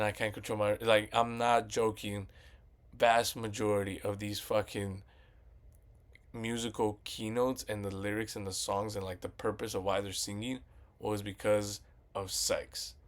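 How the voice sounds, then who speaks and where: A man casually ranting about a movie sequel, rambling and swearing as he retells scenes. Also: on the low side. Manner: profane, rambling, retells scenes with quoted voices. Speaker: movie commentary vlogger.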